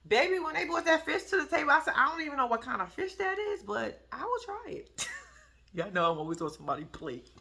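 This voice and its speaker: A woman giving sassy, animated casual commentary, often laughing. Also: sits high, fast talker, vocal fry. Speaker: reality TV recap vlogger.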